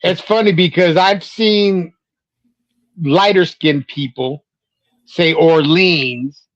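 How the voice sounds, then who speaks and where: A man's voice: sits high, slow, no room sound. A man co-hosting a sports podcast in casual chat, blunt and teasing, with lots of swearing. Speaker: podcast co-host. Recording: dry, dull lo-fi sound.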